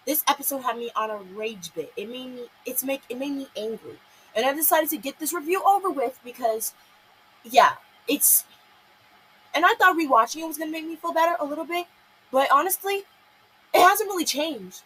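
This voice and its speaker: Bright-voiced young woman ranting in a review. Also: high voice, expressive, normal speed, a little hiss or hum, poor audio. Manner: exasperated, apologetic, repeats herself. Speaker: cartoon episode reviewer. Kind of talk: ranting solo review vlog.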